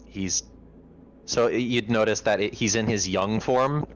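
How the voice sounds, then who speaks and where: A man at a tabletop game, explaining things in halting, restarting sentences. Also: lowish voice. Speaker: player.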